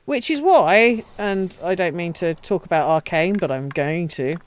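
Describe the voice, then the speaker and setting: A woman's voice: on the low side, animated, unhurried, slight background noise. A woman streaming a building game, chatting casually, swearing, ranting and laughing often. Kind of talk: casual live-stream chat while playing.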